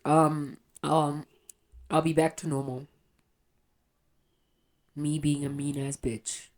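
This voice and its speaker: A young woman talks in a deep, low voice. She delivers a raw, confessional podcast monologue, blunt and profane, often trailing off mid-thought. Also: flat delivery, slow, long pauses, a little mellow. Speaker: podcast host.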